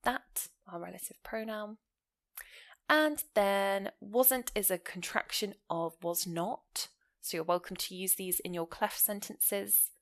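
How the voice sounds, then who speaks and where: A woman explaining English grammar in an online lesson, speaking clearly and pausing to ask the listener questions. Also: medium pitch. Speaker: English teacher.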